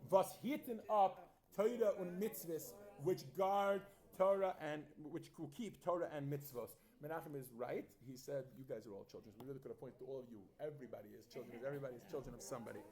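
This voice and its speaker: A man teaching a Yiddish class in a classroom, lively and quizzing his students as he reads and explains phrases. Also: on the high side, quick pace. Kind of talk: classroom lesson.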